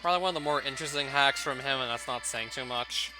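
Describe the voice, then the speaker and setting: A man's voice: mid-range voice, fast talker, music in the background. A young man giving casual, wry gameplay commentary, often laughing and reading on-screen text aloud. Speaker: let's play commentator.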